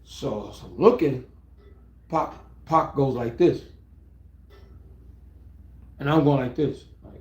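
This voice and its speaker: A middle-aged man live-streaming a casual story, rambling and excitable, often restarting his words and swearing freely. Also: on the high side, normal speed, pauses often. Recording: roomy echo.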